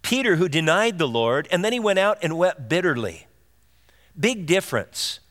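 A man's voice: on the high side, big pitch swings, normal speed, a bit bright. A man preaching a sermon as pastor, earnest and direct, asking his listeners rhetorical questions. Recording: long reverb of a large hall.

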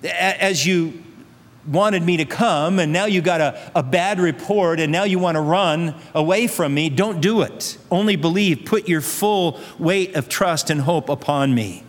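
A pastor with a somewhat high voice preaches a little slowly, earnestly pressing his audience with repetition and rhetorical questions. Long reverb from a large hall colors the sound.

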